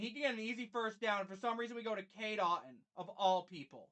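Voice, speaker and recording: A woman's voice: mid-range voice, fast, fairly bright tone. Fed-up woman ranting at a game. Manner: angry ranting with heavy swearing; play-by-play calling of the game. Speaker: streamer. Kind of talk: live fan reaction stream.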